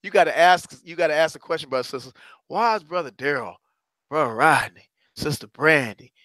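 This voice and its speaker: A middle-aged man preaches a motivational message in a fiery, sermon-like way, moving between loud calls and low, hushed asides. His voice sits high and sounds bright and forceful. The recording is dry and close, with no room sound. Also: fairly quick, no room sound. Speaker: motivational courage coach.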